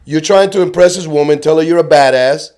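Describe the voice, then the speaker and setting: A man from Cuba with a Cuban Spanish accent, an actor chatting casually as a podcast guest and acting out lines in animated, profane stories. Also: a little high, fairly quick, smooth. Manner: animated, profane storyteller who acts out lines.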